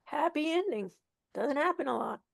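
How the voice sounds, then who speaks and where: A woman with a fairly high voice and a lot of gravelly fry. She chats casually with amused, offhand asides. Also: lively intonation, moderate pace. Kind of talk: casual chat.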